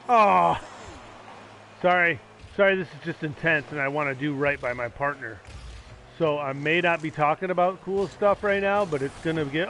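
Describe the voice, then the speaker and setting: A man casually commenting while streaming a video game, excitable and joking, yelling hype at plays. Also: on the high side, moderate pace, a little hiss or hum. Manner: joking, self-mocking.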